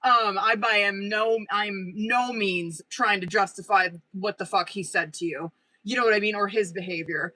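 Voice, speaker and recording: Woman, live-stream tarot reader; bright, punchy voice; excitable, swears constantly. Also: medium pitch, normal speed, poor audio. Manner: excitable, heavy swearing, talks straight to a viewer.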